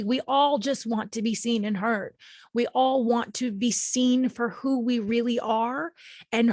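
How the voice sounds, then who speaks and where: A woman podcast host with a fairly high voice speaks softly and openly about her healing, close to tears. Her phrases are gentle and soothing, and some stretch out slowly. The sound is dry and close, with no room around it. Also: no room sound. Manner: gentle, emotional, soothing, with slow drawn-out phrases. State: emotional, near tears. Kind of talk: reflective personal talk on healing.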